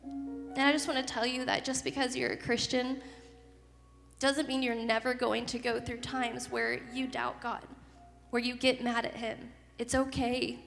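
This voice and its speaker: A woman's voice: on the high side, flat delivery, a little slow, gravelly, fairly bright tone, soft background music. Earnest woman speaking in an echoey hall. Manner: earnest, emotional storytelling. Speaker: youth group speaker. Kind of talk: testimony to a youth group. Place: youth service hall.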